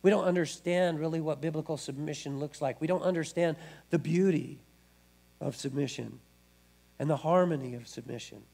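A man's voice: a little high, normal speed, vocal fry, darkish tone. A male pastor preaching a sermon in a conversational way, often restarting his words.

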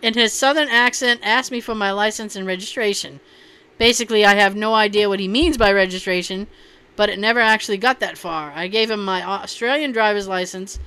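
A woman's voice: medium pitch, brisk, pushed and bright, clear, resonant tone. A woman hosting a casual chat, reading posts aloud and reacting with loose, profane jokes. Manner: profane, laughing, loose and joking.

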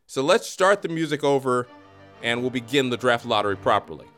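A man's voice: medium pitch, animated, fairly quick, a bit bright, faint music behind. A man hosting a comedy show in a mock-formal broadcast style with sarcastic asides. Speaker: host.

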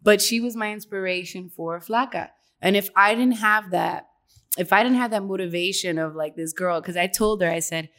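A woman's voice: mid-range voice, moderate pace, a bit bright. Female actress guest, casual chat, giggly, rambling storyteller.

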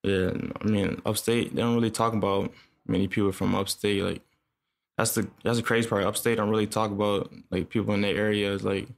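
Young male producer guest, low gravelly flat delivery, relaxed and halting. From upstate New York. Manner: laid-back, halting, lots of fillers. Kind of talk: casual interview chat.

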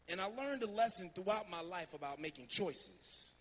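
A male preacher from New Jersey tells a story in a bright, high voice that swings lively up and down. He speaks loosely, with many fillers. The sermon echoes through a reverberant church hall. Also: normal speed, hardly any pauses, slightly rough. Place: church sanctuary.

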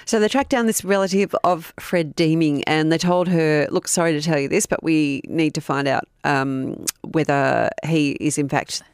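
An Australian woman co-hosting a true crime podcast, telling the story in an excitable, animated way. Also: sits low, moderate pace, few pauses, clean tone, dry recording, studio quality. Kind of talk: casual chat.

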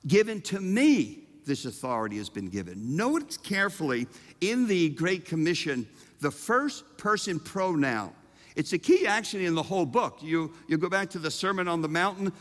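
A man preaching a sermon, emphatic and humorous, with dramatic pauses. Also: a little high, sing-song, a bit bright. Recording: reverberant hall.

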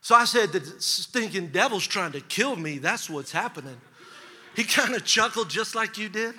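A male pastor preaching a sermon, telling a story with lively acted-out dialogue. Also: high-pitched, normal speed, slightly rough. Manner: animated storytelling, acts out dialogue. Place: church sanctuary. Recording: long hall reverb.

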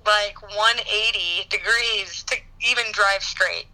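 A woman telling a personal story in a casual chat, animated and full of laughter and "like" fillers. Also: mid-range voice, takes it slowly, rough recording. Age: adult parent. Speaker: guest answering questions.

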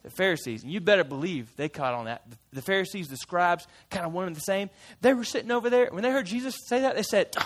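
A man's voice: high-pitched, animated, quick pace, hardly any pauses. A man playing a chatty fisherman disciple. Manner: chatty and playful, with laughs and side remarks. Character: folksy fisherman disciple retelling his memories. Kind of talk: first-person character storytelling to a church group.

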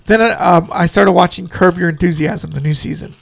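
A man hosts a casual podcast chat in a high voice with a gravelly edge. He rambles, swears freely and laughs a lot as he talks with friends. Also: a little fast. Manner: profane, laughing, rambling, acts out scenes. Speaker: podcast host.

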